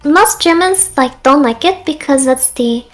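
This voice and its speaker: A woman guest in a casual stream chat, talking in a dry, teasing way with soft laughs. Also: high voice, lively intonation, measured pace, soft background music.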